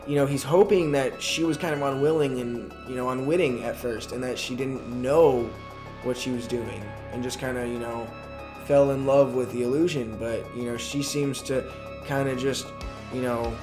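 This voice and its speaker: A man recapping a TV episode in a casual, chatty way, full of fillers and growing excitement. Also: mid-range voice, moderate pace, music in the background. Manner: chatty, fills talk with "you know" and "like", grows excited. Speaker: YouTube show reviewer.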